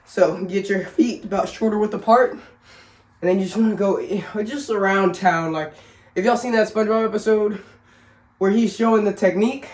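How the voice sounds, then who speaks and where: Medium in pitch with a darkish tone, this woman is a family vlogger filming a casual instructional vlog in an echoey room at home. Sick and short of breath, she shows simple exercises in a chatty, joking manner and laughs at herself.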